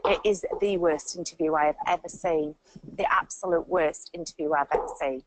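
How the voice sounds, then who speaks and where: A woman's voice: low-pitched, fairly quick, slight background noise, low-quality recording. A woman narrating and commenting on a reality show in a plain, emphatic way.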